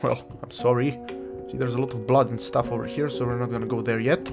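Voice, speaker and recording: A mid-range, creaky male voice moves fast but keeps a level tone as he jokes through a horror game. His casual let's-play commentary rambles, and he talks to the game. He's a first-language Croatian speaker, recorded with game music behind.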